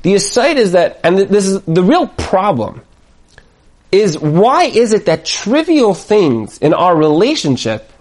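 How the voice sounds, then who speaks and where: A man leads a Torah class in a high voice. His pitch leaps and drops as he acts out a husband and wife arguing over groceries. He speaks in a lively, storytelling way. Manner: animated storyteller, jumps high to act out quoted voices. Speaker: Torah teacher.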